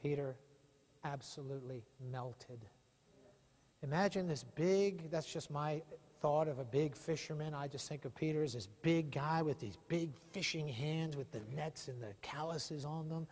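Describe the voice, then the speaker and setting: Guy pastor preaching hard, lots of questions to the crowd, voice sits high, big church echo. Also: normal speed, darkish tone. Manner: impassioned preaching with many rhetorical questions. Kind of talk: sermon. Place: church sanctuary. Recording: long reverb of a church hall.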